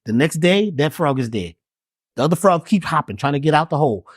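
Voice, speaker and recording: A man guest telling a folksy parable with a preacher's emphasis. His pitch swings widely as he builds his points. The audio is dry and close-miked. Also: expressive, a little fast, breathy edge, no echo. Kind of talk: conversational storytelling.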